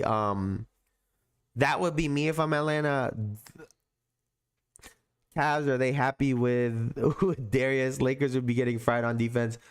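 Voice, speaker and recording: A man's voice: medium pitch, fairly bright tone. A male podcast host in casual sports chat with his audience, laid-back and slangy, often breaking into laughter.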